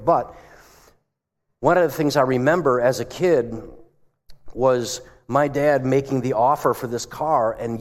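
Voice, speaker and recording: The voice is a man's, mid-range and somewhat dark in tone, giving a sermon in a church with long hall reverb. This pastor tells stories in a conversational style and asks the congregation questions.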